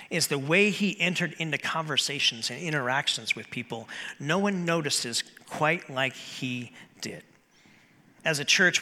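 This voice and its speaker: A man's voice: medium pitch, sharp tone. Earnest preaching man in a reverberant hall. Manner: earnest, measured preaching with slow emphatic pauses. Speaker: pastor. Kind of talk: sermon. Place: church sanctuary.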